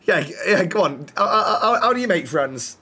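A man's voice: sits high, lively intonation, normal speed, bright, forceful tone, breathy edge. Swearing man streaming a game. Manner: swears freely, teasing banter. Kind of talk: casual game-stream chat.

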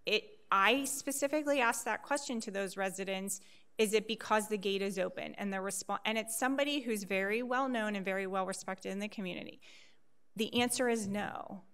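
A woman chairing a public meeting, firm and measured as she explains the board's position. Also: mid-range voice, fairly bright tone, smooth.

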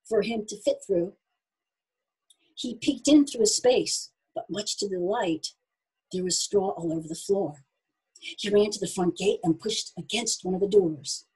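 Husky, expressive woman reading a story. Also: mid-range voice, low-quality recording. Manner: expressive, animated. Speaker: narrator.

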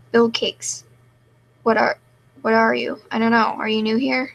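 Deadpan young woman with a gravelly voice. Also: fairly high pitch, measured pace, long pauses, highs cut off. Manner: deadpan, self-mocking, fake crying. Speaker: live streamer. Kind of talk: casual live-stream chat reading comments.

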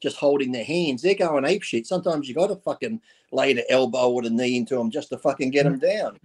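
A man's voice: medium pitch, quick pace, breathy edge. A man, a guest on a live stream, chatting bluntly and profanely as he tells stories and acts out quotes. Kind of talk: casual chat on a live stream.

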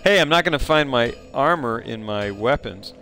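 Playful guy streaming a game, lively bouncy voice with a lot of vocal fry, chatting with chat. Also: normal speed, soft background music. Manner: playful and chatty, greets viewers, jumps up high on exclamations. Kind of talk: casual live-stream chat while playing.

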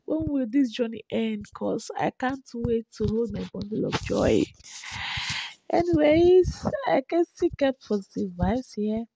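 A woman's voice: a little high, lively intonation, unhurried, creaky, warm tone, no echo, poor audio. A young woman, chatting emotionally about her pregnancy in a vlog, often repeating herself and laughing. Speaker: vlogger. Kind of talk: personal vlog narration over clips.

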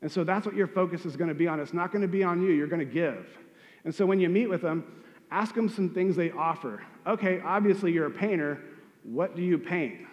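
Guy real estate agent giving pep-talk tips, kinda high voice, muffled echoey sound. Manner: direct, coaching, asks rhetorical questions. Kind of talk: motivational advice talk.

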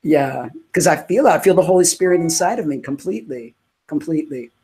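A woman's voice: low-pitched, animated, fairly quick, dark tone, slightly rough. A woman hosting a casual faith conversation, speaking fervently and emotionally, full of "you know" and "like". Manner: fervent, emotional, many fillers. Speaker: host.

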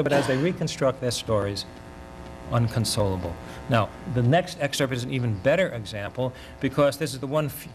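Older man, university lecturer, mid-pitched voice, deliberate and thoughtful, with a faint hum in the background. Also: low-quality recording. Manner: measured, reflective, pausing mid-thought. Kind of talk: academic lecture.

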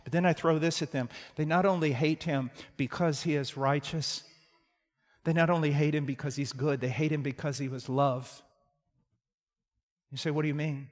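A man in his sixties preaching a sermon, moving between forceful emphasis and hushed tones and repeating his key phrases. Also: fairly high pitch, steady tone, normal speed. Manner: dramatic swings from loud emphasis to hushed tones. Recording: long hall reverb.

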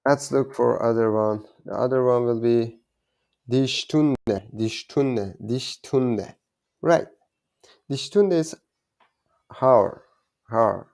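Slow, gravelly man teaching German. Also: medium pitch, darkish tone. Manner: halting, repeats words, self-correcting. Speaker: language learner teaching German basics. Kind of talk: informal self-taught lesson.

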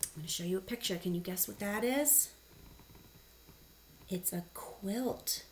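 A woman teacher reading a picture book aloud to children, animated and asking them questions. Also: medium pitch, measured pace, long pauses.

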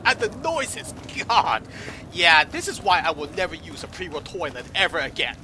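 A man's voice: on the high side, expressive, moderate pace, bright, forceful tone, slight background noise. A man giving comedic gameplay commentary in a sarcastic, profane, exasperated manner. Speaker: commentator voicing the player character.

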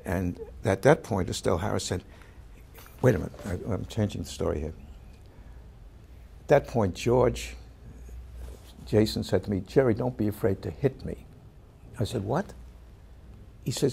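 Gravelly man telling a backstage story. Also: lowish voice, normal speed, pauses often, slight background noise. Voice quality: gravelly, husky. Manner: animated storyteller who acts out quoted voices. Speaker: actor interviewee. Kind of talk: anecdotal interview storytelling.

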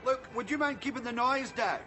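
A pompous posh politician. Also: male voice, extremely high pitch, a little fast, a loud crowd, heavy background noise. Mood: indignant. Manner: pompous, condescending, theatrical. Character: pompous middle-aged Labour-style politician who lost his accent. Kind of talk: sitcom acting.

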